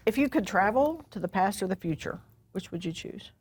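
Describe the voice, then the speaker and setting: A woman's voice: medium pitch, expressive, fairly quick, a little mellow, slightly rough. A middle-aged woman hosting a casual onstage interview, chatty and self-deprecating, joking with her guest. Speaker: host, HR director. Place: live event room with audience.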